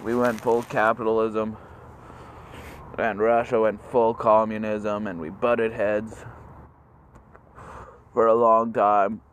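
A man telling history as a crude, rambling comedy rant, halting with fillers and jumping into squeaky mocking voices. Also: a little hiss or hum. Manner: jumps into squeaky high mocking voices for countries.

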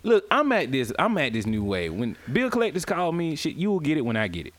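A man's voice: on the high side, huge pitch swings, a little fast, fairly bright tone. A man co-hosting an improvised comedy podcast, loose and profane, laughing often. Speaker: podcast co-host.

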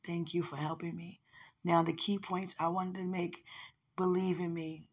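A woman with a slightly hoarse voice, speaking a tender, rambling personal message to someone she loves. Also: on the low side, little pitch movement, moderate pace. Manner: tender, rambling, with frequent "you know" and soft laughs. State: a little hoarse. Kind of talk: intimate spoken message to a loved one.

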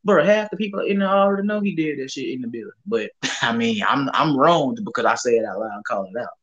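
A man's voice: medium pitch, quick pace, muffled recording. A young man with a Southern US accent, co-hosting a casual barbershop chat and telling a story in profane slang. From Southern United States. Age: young adult. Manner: animated storytelling, profane slang, acts out quotes, laughs often. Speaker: co-host.

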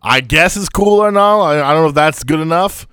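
A man's voice: a little high, brisk, fairly bright tone, clear, resonant tone, no echo, studio quality. A man co-hosting a podcast in casual, teasing banter. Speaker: podcast co-host. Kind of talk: casual chat.

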